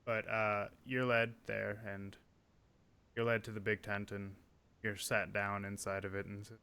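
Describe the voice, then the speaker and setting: Bright, clear-voiced man running a game. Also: lowish voice, little pitch movement, unhurried. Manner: casual, chatty, lots of fillers. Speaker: game master. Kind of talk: narrating a tabletop game.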